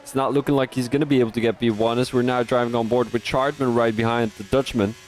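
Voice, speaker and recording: Man, sim-race streamer-commentator, excitable, trips over his words, faint hiss behind. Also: medium pitch, fast. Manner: excitable, rising sharply at overtakes, many restarts. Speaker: sim racing league commentator.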